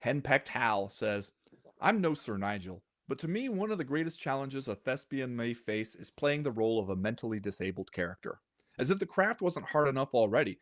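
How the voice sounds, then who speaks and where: A man co-hosting a podcast in casual chat, reading listener comments aloud with a wry, animated delivery. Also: medium pitch, no echo, clean studio sound. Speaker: podcast co-host.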